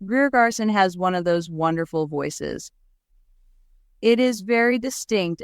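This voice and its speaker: A woman's voice: fairly low pitch, smooth, no room sound, studio quality. A woman co-hosting a podcast, talking through a film adaptation in a chatty, reflective way. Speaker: podcast co-host. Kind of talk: casual chat.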